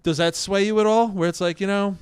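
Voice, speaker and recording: Crude-joking man, high and smooth. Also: fairly quick, no echo. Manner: crude, deadpan jokes. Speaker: comedian co-host. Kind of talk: casual comedy banter.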